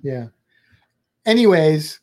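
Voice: medium pitch, big pitch swings, takes it slowly, darkish tone. A travel vlogger in casual chat, rambling and chatty with playful asides.

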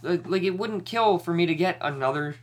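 A man's voice: high voice, brisk. A young man co-hosting a podcast, retelling a story in casual chat with lots of swearing and worked-up energy.

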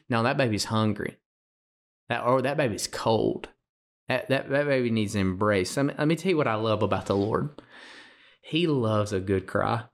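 A man co-hosting a faith podcast, talking earnestly in a preaching style and often repeating words as he starts a thought. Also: medium pitch. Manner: emotional, gets choked up. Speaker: podcast co-host.

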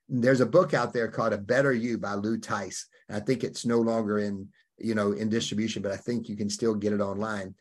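A middle-aged man from Alabama, a life coach answering an interview question in an emphatic, animated way. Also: lowish voice, normal speed, husky. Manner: emphatic, acts out quoted voices, punchy phrasing. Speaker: podcast guest, life coach.

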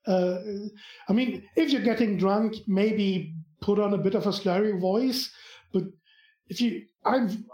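A man with a German accent, a podcast guest in casual chat, talking in a halting way as he searches for words. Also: sits high, a little mellow. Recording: echoey room.

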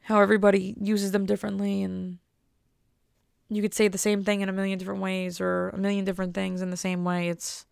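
Gravelly young American woman rambling casually. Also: medium pitch, monotone, fairly quick, a little mellow, no echo, studio quality. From United States. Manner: rambling, enthusiastic, wry. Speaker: vlogger. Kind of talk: casual monologue.

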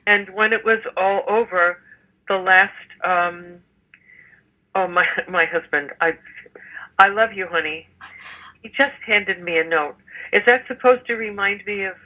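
A woman's voice: medium pitch, measured pace, sharp tone, rough recording. An older woman, a stage actress, chatting in an interview with many fillers and restarts. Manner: chatty, rambling with frequent fillers. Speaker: musical theater actress, guest. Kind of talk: casual interview chat.

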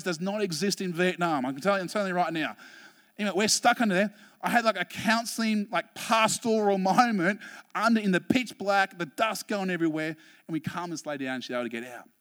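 An Australian man, a pastor, preaching a sermon through animated, humorous personal stories, often restarting his sentences. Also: sits high, long reverb tail.

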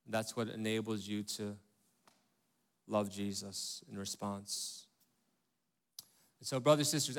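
A man's voice: mid-range voice, smooth. A man preaching a sermon as pastor, talking in a conversational way and asking rhetorical questions, often checking in with "right?" and "okay?".

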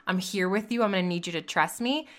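A woman voicing a gentle, loving God who speaks softly and kindly to a daughter. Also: on the low side, quick pace, natural voice. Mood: tender. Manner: soft, kind reassurance.

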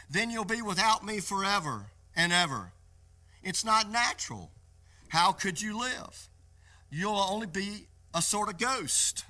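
A man's voice: high voice, sharp tone, full character voice. A male preacher voicing a small, wheedling male lizard that pleads for its life in a spoken sermon story. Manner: coaxing, pleading.

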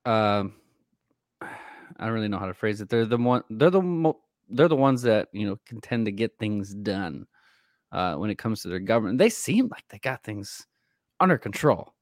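A male podcast co-host in a casual chat, telling animated stories and laughing along. His voice is recorded dry and close, with no room echo. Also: fairly low pitch, normal speed.

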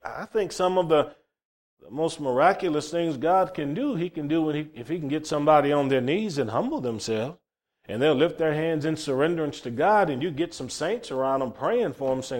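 A preacher man delivers a sermon in a fairly high voice. He is folksy and fervent, stumbles over repeated words, then climbs to loud, emphatic peaks. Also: expressive, moderate pace. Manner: folksy, repeats words when starting phrases.

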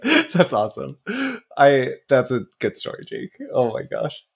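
A man's voice: mid-range voice, very animated, moderate pace, vocal fry, husky. A man co-hosting a podcast who designs games, chatting in an upbeat, enthusiastic way. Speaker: podcast co-host, game designer. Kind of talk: casual podcast chat.

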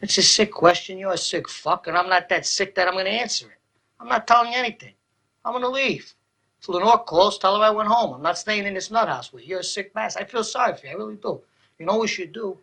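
An actor playing a hot-tempered younger brother in a film scene, ranting profanely in rapid bursts. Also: male voice, high-pitched, vocal fry, pushed and bright, heavily acted. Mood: contemptuous. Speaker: film character.

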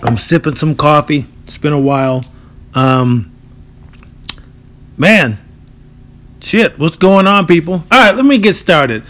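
A man's voice: on the high side, animated, slow pace, long pauses, a bit bright. Nasal, dry-voiced man podcasting. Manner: loose, profane, joking and rambling. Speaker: podcast host. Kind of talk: casual solo podcast talk.

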